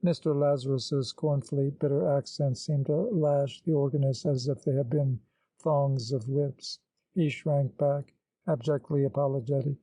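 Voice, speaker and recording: A man narrating an audiobook in a measured, literary storytelling manner. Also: mid-range voice, fairly even intonation, warm tone, dry recording, poor audio.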